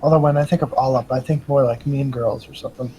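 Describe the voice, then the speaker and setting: Dude talking fast on a game chat, offhand comments, mid pitch. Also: male voice, fairly even intonation, warm tone, breathy edge, poor audio. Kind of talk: casual chat while gaming.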